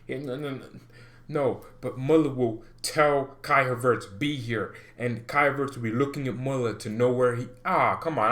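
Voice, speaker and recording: A young man hosting a casual football fan vlog, excitable and animated, laughing often as he ranks players. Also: medium pitch. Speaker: football channel host.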